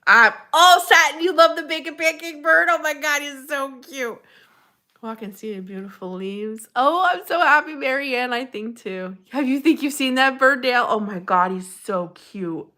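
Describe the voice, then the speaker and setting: Bright-voiced chatty woman streamer. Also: high voice, normal speed. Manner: chatty and gushing, answers viewers by name, frequent laughs. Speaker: livestream host. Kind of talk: casual live-stream chat reading viewer comments.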